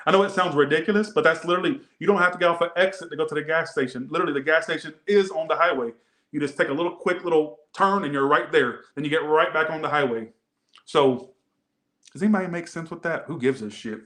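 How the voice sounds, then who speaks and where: A man's voice: a little high, fast, a bit bright, reverberant. A man doing a casual tarot reading, rambling and swearing, often repeating himself. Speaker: tarot reader.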